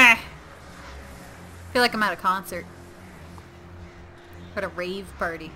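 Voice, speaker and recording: Bright, excitable woman gaming. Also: mid-range voice, unhurried. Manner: excitable, shrieks and swears at the game. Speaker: gamer playing a horror game. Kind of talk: casual let's-play commentary.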